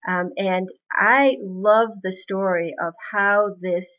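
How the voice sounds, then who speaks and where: A woman's voice: mid-range voice, fairly even intonation, slow, phone-quality sound. A woman host interviewing a guest, prompting him with short questions.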